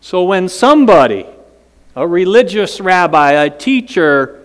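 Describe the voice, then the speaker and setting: A high, clear male voice preaching slowly and dramatically, throwing questions out to the congregation. The sound rings with a long church-hall reverb. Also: sing-song. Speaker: pastor. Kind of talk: sermon.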